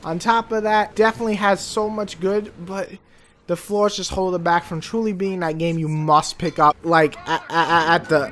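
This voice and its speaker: A woman giving a casual game review, rambling and profane, joking around and breaking into sudden loud outbursts. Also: on the low side.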